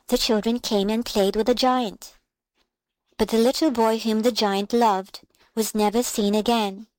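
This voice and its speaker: A woman reading a fairy tale aloud in a calm, measured storybook style. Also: on the high side, no room sound, rough recording.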